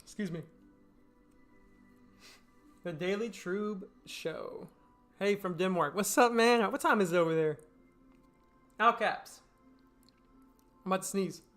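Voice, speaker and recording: A man hosting a live day-trading stream, reading viewer questions aloud and answering them bluntly in a relaxed, chatty way. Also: high-pitched, slow, long pauses, faint music behind. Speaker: day trading show host.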